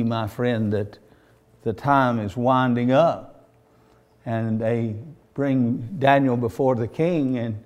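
A man preaching a sermon in a folksy storytelling style, swinging from hushed narration to loud exclamations. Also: mid-range voice. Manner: folksy, homespun phrasing.

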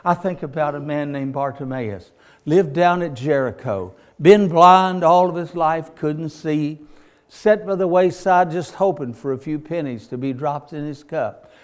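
A man's voice: fairly high pitch, a little mellow. A man preaching a sermon, telling stories in a folksy way and building up to hollering.

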